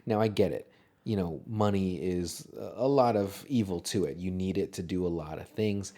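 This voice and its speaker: A man's voice: deep voice, moderate pace, mellow. A man co-hosting a casual movie-review podcast, talking loosely with plenty of swearing, fillers and laughter. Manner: profane, jokey, frequent laughter and filler words. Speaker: podcast co-host.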